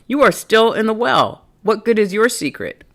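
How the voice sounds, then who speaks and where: A woman voicing a cheerful, boastful male duck in a storybook read-aloud, in a raised, bright voice. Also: on the high side, big pitch swings, moderate pace, gravelly, pitched above the performer's own voice, full character voice.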